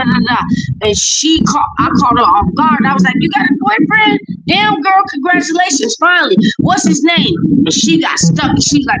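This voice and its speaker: A woman talking in a blunt, emphatic way, often swearing, telling a personal story in casual chat on a noisy stream. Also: a little high.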